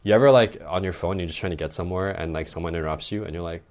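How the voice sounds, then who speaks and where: A man's voice: low voice, racing, few pauses, a little mellow. A young adult man who coaches dating, talking loosely in a podcast chat and often tagging lines with "right?". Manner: loose and conversational, frequent "like" and "right?" tags. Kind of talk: casual podcast advice talk.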